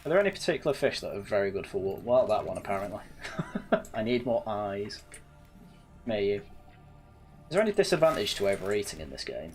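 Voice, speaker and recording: A man's voice: fairly low pitch, very animated, brisk, pauses often, soft background music. A young man from England with a slightly posh northern English accent, chatting casually and telling rambling, self-correcting stories while playing a game. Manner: rambling anecdotes with frequent laughs and self-corrections. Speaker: gaming channel host. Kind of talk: casual let's-play chat.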